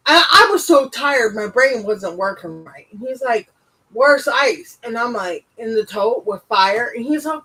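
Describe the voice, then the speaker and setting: A woman co-hosting a casual livestream, telling stories in an animated way and swearing freely. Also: a little high, normal speed, poor audio. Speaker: co-host.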